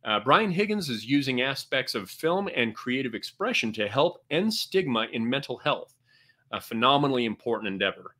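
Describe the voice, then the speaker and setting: Bright-voiced enthusiastic interview host. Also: male voice, mid-range voice, big pitch swings, normal speed. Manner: enthusiastic, frequent "uh" fillers. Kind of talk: interview hosting.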